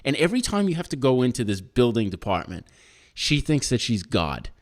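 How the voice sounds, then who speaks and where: Animated man telling a story. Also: medium pitch, fairly quick. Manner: animated, acts out other people's lines while telling a story; swears freely, laughs often. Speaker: podcast co-host. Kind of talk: casual storytelling chat.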